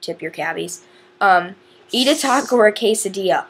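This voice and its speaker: A woman vlogger works through a question challenge, chatting casually, giggling, rambling and often stopping to restart her sentences. Her voice is medium-pitched, expressive and creaky at a moderate pace, with slight background noise.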